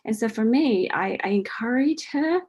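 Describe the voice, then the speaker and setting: A woman's voice: fairly high pitch, expressive, normal speed, darkish tone. Chatty woman coaching, "right?" after everything. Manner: chatty, repeats "right?" often, laughs lightly. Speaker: host answering a listener's question. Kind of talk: casual spiritual coaching talk.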